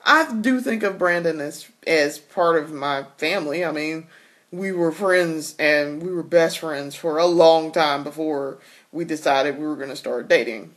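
In a casual personal vlog, a woman talks candidly, laughing often and restarting her sentences. Her voice is deep and unhurried.

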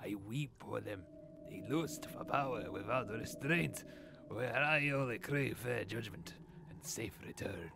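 A man's voice: medium pitch, lively intonation, unhurried, creaky, noisy background. A man reading out a mournful love letter from a game in an odd put-on accent. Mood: yearning.

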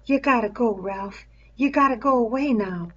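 A woman voicing frightened young twin boys who urge a friend to leave in anxious, hushed voices. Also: fairly high pitch, moderate pace, muffled recording, pitched above the performer's own voice. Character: frightened boy twins, nervous, urging.

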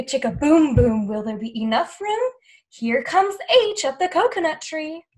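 High-voiced, unhurried woman reading to kids. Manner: animated, sing-song, coaxing children to join in. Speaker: children's librarian hosting story time. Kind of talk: reading a picture book aloud to young children.

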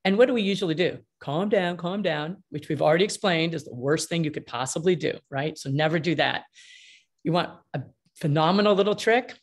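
A middle-aged woman, a mediator answering interview questions in an energetic, emphatic way and acting out the dialogue she quotes. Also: low voice, quick pace. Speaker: mediator and author.

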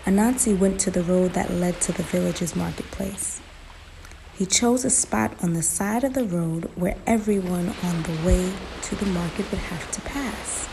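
A woman narrating a folktale in a slow, emphatic storytelling manner, in a noisy recording. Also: lowish voice, creaky.

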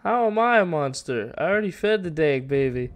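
A man's voice: a little high, a little fast, a little hiss or hum. A man hosting a casual game walkthrough, reacting with startled outbursts and mild swearing. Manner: excitable, jumpy, swears in surprise. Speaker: gaming channel host.

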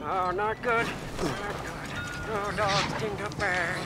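Brief: a zealous wasteland mechanic, high and jumpy, over loud game noise. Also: male voice, fairly even intonation, slow. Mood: worried. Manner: fervent, rambling, reverent. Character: zealous hunched male desert mechanic. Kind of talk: video game dialogue.

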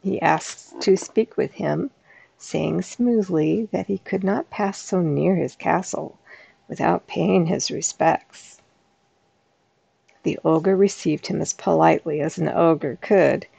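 A woman storyteller reading a classic fairy tale aloud in a soft-spoken, unhurried way. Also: lowish voice, creaky, husky, no room sound.

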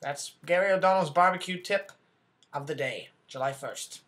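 Comedy sketch: a man as a self-important, bumbling male news anchor, voice on the high side, rambling and flustered. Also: moderate pace, fairly bright tone, natural voice. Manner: rambling, flustered, corrects himself, talks back off-camera.

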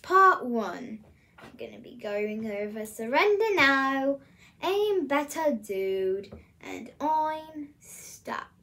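A woman's voice: fairly high pitch, big pitch swings, slow pace, bright, forceful tone. A woman from the US Midwest, hosting a casual solo vlog and rambling hesitantly with many fillers. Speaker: channel host.

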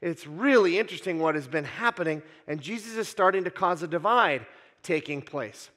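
A man's voice: a little high, animated, moderate pace, a bit bright. A man preaching a sermon as pastor, casual and joking, with frequent "uh" fillers. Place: church sanctuary. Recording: long church hall reverb.

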